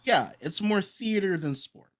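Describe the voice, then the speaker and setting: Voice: mid-range voice, expressive, a little slow. A stream co-host chatting casually, easygoing and laughing often, often trailing off mid-sentence. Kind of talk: casual livestream chat.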